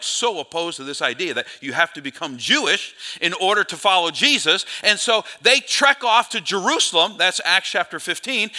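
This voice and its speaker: In a slightly high voice, a male pastor animatedly tells a Bible story during a sermon, breaking in with quick asides to correct himself.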